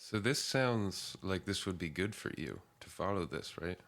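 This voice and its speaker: A man's voice: low voice, animated, fairly bright tone. A man co-hosting a podcast, tossing in laid-back quips and reactions during casual chat. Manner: laid-back, quick interjections and laughter. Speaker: podcast co-host.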